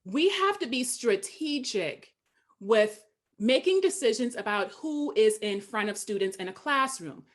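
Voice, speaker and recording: A woman from Charleston, South Carolina with a Southern accent, speaking as an education dean on a panel in an earnest, measured way. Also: fairly high pitch, animated. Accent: Southern American. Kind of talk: panel discussion.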